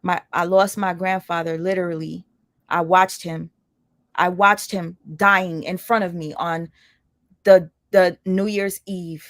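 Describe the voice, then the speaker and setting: A woman's voice: lowish voice, little pitch movement, a little slow, fairly bright tone, dry recording, studio quality. A woman chatting casually to her livestream viewers, rambling through asides and greetings to viewers by name. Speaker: livestream commentator.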